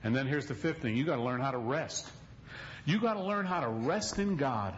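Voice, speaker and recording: A male pastor delivers a sermon in a church, telling stories in a folksy way and hitting key points hard. His voice is middle in pitch, and the recording is a little muffled, with faint noise behind it. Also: expressive, moderate pace. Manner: storytelling, emphatic, folksy.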